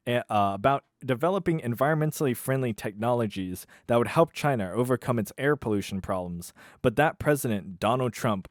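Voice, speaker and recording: A man's voice: mid-range voice, dry recording, studio quality. A man reading a novel aloud on camera with incredulous, wry asides. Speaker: YouTuber reading a book aloud. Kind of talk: comic read-aloud with asides.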